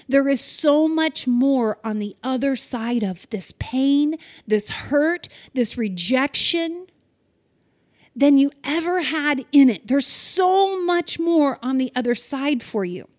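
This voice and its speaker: High-voiced, unhurried woman. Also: expressive, a little mellow. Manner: earnest, encouraging, addresses listeners directly. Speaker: devotional host. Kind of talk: spoken devotional.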